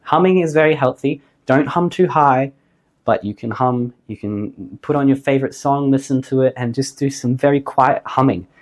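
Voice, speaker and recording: A man giving a singing lesson to camera, upbeat and jokey, his voice slightly hoarse after the flu. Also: mid-range voice, moderate pace. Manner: upbeat, jokey, emphatic on key points. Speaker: singing teacher.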